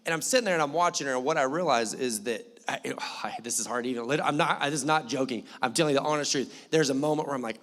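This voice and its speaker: A young male pastor giving a sermon in a church, telling a story in an animated, joking manner. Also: medium pitch, quick pace, few pauses, long reverb tail. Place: church hall.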